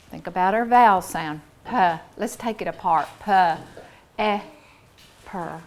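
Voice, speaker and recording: A woman teacher leading a classroom phonics lesson, encouraging and deliberate, sounding out words for young pupils in a classroom. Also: on the low side, creaky, a little hiss or hum.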